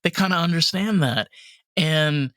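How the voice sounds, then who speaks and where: American host guy, bright edgy voice, rambles and swears for emphasis, dry sound. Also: on the high side, a little slow, dry recording. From upstate New York. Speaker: podcast host. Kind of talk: casual conversation.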